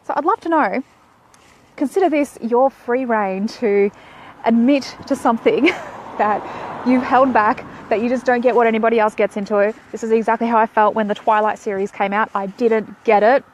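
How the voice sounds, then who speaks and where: A woman's voice: fairly high pitch, normal speed, a little hiss or hum. Woman, Australian accent, thirties, casual live chat, playful, walking outdoors, phone at arm's length. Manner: chatty and playful, walking while talking. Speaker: vlogger. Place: outdoors in shade.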